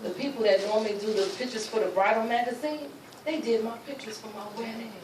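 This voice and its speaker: A woman with a somewhat high voice tells her personal testimony with emphatic, storytelling delivery, acting out the people she quotes. She is recorded from a distance in an echoey hall, with noise behind her. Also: fast. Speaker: speaker sharing her testimony. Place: luncheon venue, roomy hall.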